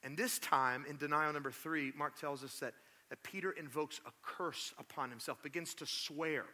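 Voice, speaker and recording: A male pastor preaching a sermon, telling the story in a lively, conversational way with asides to the congregation. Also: fairly high pitch, moderate pace. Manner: animated storytelling, acts out quotes.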